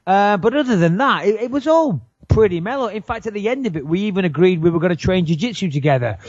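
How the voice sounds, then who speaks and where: A man's voice: sits high, lively intonation, fast, few pauses, a little mellow, no echo, highs cut off. A British man co-hosting a podcast in casual chat, a rambling, laughing storyteller who admits to being argumentative. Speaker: podcast co-host.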